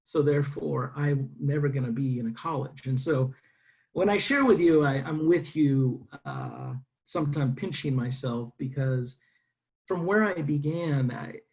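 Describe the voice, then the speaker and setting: A middle-aged man from San Diego telling his life story to an audience, acting out the voices in it. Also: medium pitch. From San Diego, United States. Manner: animated storytelling, acting out dialogue. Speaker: speaker. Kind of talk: personal story talk.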